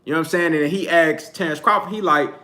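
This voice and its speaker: A man in talks boxing on a live stream in a loose, slangy, laid-back way, often breaking into laughter. His voice sits a little high and rings very bright. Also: fast. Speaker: boxing channel host. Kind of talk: casual live-stream commentary.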